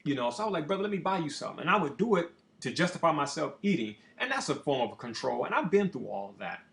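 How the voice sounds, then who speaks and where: A man who is a motivational speaker, telling a personal story in a casual, profane, animated way. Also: a little high, fast, gravelly. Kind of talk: storytelling monologue.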